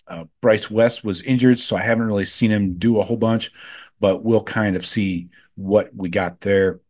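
Man, low voice, sports podcast host, offhand, lots of ums. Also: fairly even intonation, normal speed, a little mellow. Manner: offhand, filler-heavy, gives frank opinions. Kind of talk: casual sports talk.

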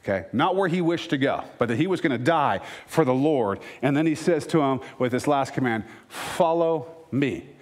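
A man's voice: mid-range voice, expressive, fairly quick, few pauses. A male pastor preaching a sermon, reading scripture aloud and voicing quoted lines with dramatic emphasis. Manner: rises to emphatic, louder lines.

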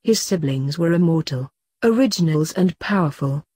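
Low, husky woman reading a story. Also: animated, moderate pace, warm tone. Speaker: fanfiction reader. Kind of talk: reading fanfiction aloud.

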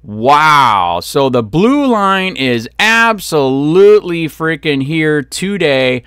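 A man ranting on a vlog, angry and sarcastic, swearing freely. His voice is smooth and clear, recorded dry and close with no room around it. His pitch swings widely as he vents. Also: very animated, takes it slowly, a bit bright, no room sound. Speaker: copwatch vlogger.

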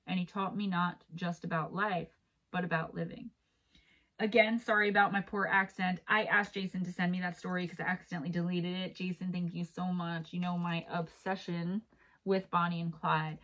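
A woman's voice: fairly low pitch, fairly bright tone, rough recording. A woman hosting a show, reading listener stories aloud in a chatty, heartfelt way with apologetic asides. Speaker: host.

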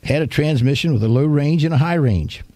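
An older man preaches in an easygoing, homespun storytelling style, his voice warm and mellow. He retells his memories vividly and with animation. The sound is dry and close, with no room around it. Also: fairly high pitch, a little fast, no room sound. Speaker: pastor. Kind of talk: storytelling sermon.

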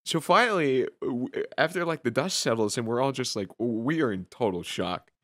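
A man's voice: mid-range voice, lively intonation, normal speed, fairly bright tone, no echo, clean studio sound. A young man hosting a casual podcast, telling rambling stories full of fillers and restarts. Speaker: podcast host.

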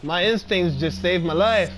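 A man hosting a gaming channel, giving excitable let's play commentary, yelling and trash-talking at enemies in the game. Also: sits high, measured pace. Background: game music.

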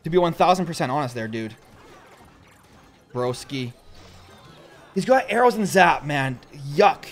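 Excitable young man doing game commentary. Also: on the high side, unhurried, long pauses, soft background music. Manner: excitable, jumps to loud outbursts. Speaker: gaming channel host. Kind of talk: gameplay commentary.

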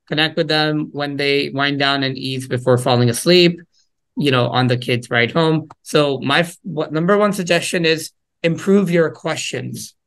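A man's voice: mid-range voice, a bit bright. A man giving a casual talk to parents on listening to children, acting out little exchanges between parent and child as he goes. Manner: conversational, acts out parent and child quotes. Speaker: parenting workshop speaker.

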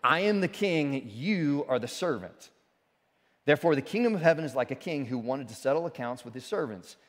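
A man's voice: on the high side, fairly quick. Man preaching in a reverberant church. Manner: animated preaching with rising emphasis and asides. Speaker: pastor. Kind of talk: sermon. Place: church sanctuary. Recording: church sanctuary with long reverb.

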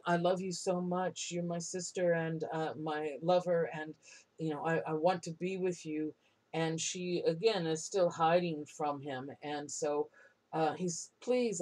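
A woman lecturer retelling an old myth to a class in a casual storytelling way, with frequent ums and asides. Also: low-pitched.

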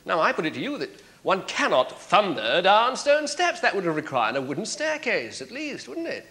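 A sardonic prosecuting barrister. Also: male voice, high voice, wildly swooping pitch, normal speed, pushed and bright, full character voice. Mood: cross-examining. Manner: sardonic, probing, theatrical cross-examination. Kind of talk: broadcast courtroom drama.

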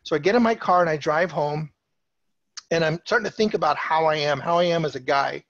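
A middle-aged man with a slightly high voice tells a story to a room, loose and conversational, piling up fillers and restarts as he goes. The sound is dry and close, a bit dull and lo-fi. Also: fairly quick, a bit bright, dry recording. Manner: casual, chatty, many fillers and restarts. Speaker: speaker telling a personal story. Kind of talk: storytelling talk to an audience. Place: presentation stage.

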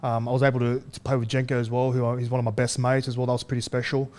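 Casual guest in his thirties, easygoing anecdotes, lots of stops and starts. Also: mid-range voice. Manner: relaxed, halting, chuckles often. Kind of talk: casual storytelling.

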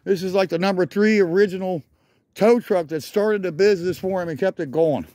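A man with a fairly high voice narrates as he walks outdoors through a junkyard, holding his camera. He rambles with enthusiasm, calling out vehicles as he passes, and sounds a little out of breath. The sound is dry and close, with no room echo. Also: brisk, warm tone. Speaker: vlogger. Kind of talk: casual walk-around commentary.

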